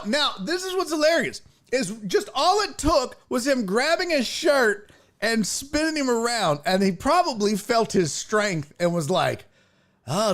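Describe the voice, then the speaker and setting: A man with a high, very lively voice riffs through a reaction segment. He swears freely and jumps into squeaky impressions of the people he's talking about. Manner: animated, profane, mimics people in high voices. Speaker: show host. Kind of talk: casual reaction commentary.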